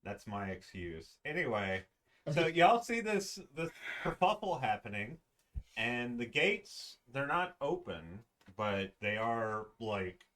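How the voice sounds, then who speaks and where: Male game master, lively, joking, animated pitch, distant mic. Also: slow pace. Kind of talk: narrating a tabletop game.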